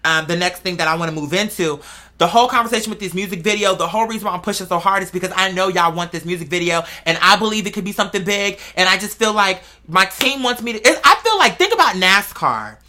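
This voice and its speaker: A young adult woman hosting a podcast, talking in a rambling, profane, animated casual monologue and calling her listeners "girl". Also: medium pitch, fast talker. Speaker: podcast host.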